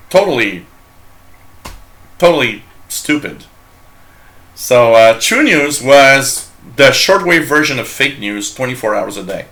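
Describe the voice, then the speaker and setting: A man's voice: mid-range voice, pushed and bright. A man from Canada hosting a live shortwave radio show, chatting in a rambling, jokey way, reading out chat messages and laughing often.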